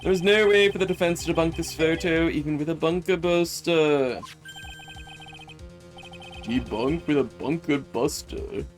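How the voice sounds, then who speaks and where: A stern, formal courtroom judge, voiced by a man reading a game's script aloud. He speaks in a measured, official way with a slightly raised pitch. Game music plays softly behind him on the stream. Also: steady tone, lightly acted. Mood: mocking.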